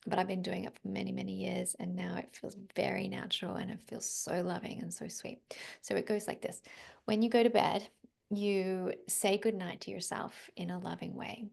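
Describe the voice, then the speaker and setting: A middle-aged woman with an Australian accent, a psychologist speaking as a podcast guest, gentle and reflective, often dropping to a near-whisper. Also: medium pitch, level tone, normal speed, gravelly, breathy edge. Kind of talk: conversational podcast interview.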